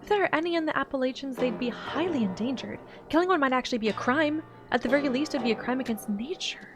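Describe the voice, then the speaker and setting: A woman's voice: fairly high pitch, brisk, over music, close to an everyday voice. A woman voicing an eager young woman who hunts monsters on video, in a voiced-over game, earnest and pleading.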